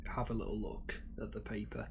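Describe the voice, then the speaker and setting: A man playing a tabletop game, calmly describing what his character does. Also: on the low side, brisk, faint music behind. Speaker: player.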